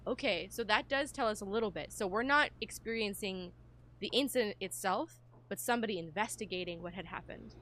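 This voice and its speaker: A young woman streamer talks through a horror game in a loose, chatty way, mid-pitched and conversational. A faint background hiss sits under her voice. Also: a little fast, a bit bright. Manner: chatty, reacting as she reads. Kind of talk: live gameplay commentary.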